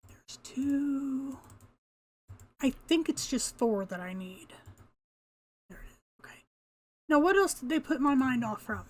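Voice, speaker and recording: Playing a video game, an older woman keeps up casual commentary to herself, laughing often and lightly swearing at the creatures. Her voice sits high and sounds animated, with a measured pace and frequent pauses.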